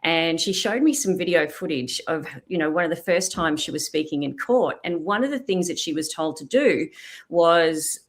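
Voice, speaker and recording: Speaking fairly quickly with hardly any pauses, a middle-aged woman uses her low-pitched, lively voice to explain and demonstrate vocal technique. She's a voice specialist, the guest in an expert interview.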